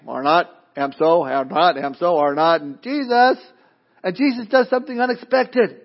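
A man with a high voice preaches a sermon in a loose, conversational way, breaking into asides and playful mock voices. The recording sounds dull and lo-fi. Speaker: pastor.

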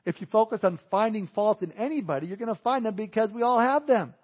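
A man preaches to his congregation in a relaxed, chatty way, dropping in little chuckles and asides. His voice sits a bit high for a man. The recording is dull and lo-fi, like old church audio. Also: fast, breathy edge. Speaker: pastor. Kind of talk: sermon.

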